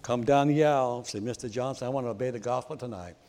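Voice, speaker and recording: A man's voice: medium pitch, fast talker, mellow. A male preacher telling a story within a sermon and earnestly appealing to the audience, recorded in a church with a long hall reverb.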